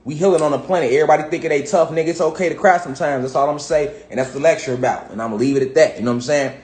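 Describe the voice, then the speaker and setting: A man's voice: fairly high pitch, racing, darkish tone. A man teaching a casual, rambling lesson from home, profane and full of repeated "you know what I'm saying.". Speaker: spiritual teacher. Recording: roomy echo.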